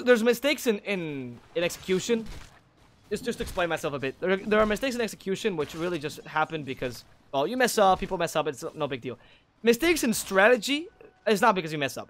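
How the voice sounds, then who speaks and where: Male solo esports caster, rapid and slightly high-pitched, opinionated with frequent self-corrections. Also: fairly bright tone. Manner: opinionated, drifts into critical rants. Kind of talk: solo play-by-play commentary.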